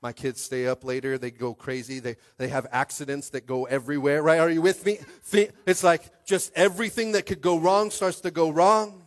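A man preaching a sermon as pastor, animated, swinging from hushed confiding to shouting and acting out little scenes. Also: a little high, moderate pace, few pauses.

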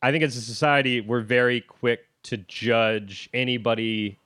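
A man's voice: medium pitch, fairly even intonation, moderate pace, a bit bright, dry recording. A man hosting a podcast, talking casually and searching for words with many fillers. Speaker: podcast host. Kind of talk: casual interview chat.

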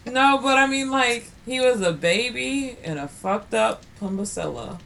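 A woman co-hosting a podcast in casual chat, animated and quick to laugh, swearing freely. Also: a little high, vocal fry. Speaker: podcast co-host.

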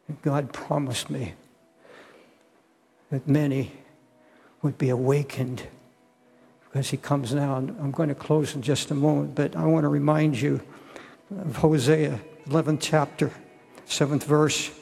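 An older man preaching a sermon, pleading slowly and repeating words as he appeals to listeners. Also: fairly high pitch, flat delivery, vocal fry, darkish tone, slightly rough, in a large hall, faint music behind.

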